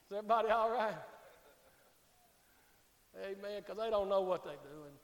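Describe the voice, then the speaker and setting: High-voiced pastor preaching in an echoey church. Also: male voice, lively intonation, moderate pace, long pauses. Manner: fervent preaching, swings from loud shouting to hushed, soft pleading. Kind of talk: sermon. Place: church sanctuary.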